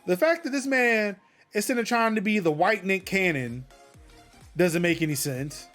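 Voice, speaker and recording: A man hosting a casual tech podcast, talking in an animated, indignant way and often restarting his sentences. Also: sits high, normal speed, soft background music. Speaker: podcast host. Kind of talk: casual chat.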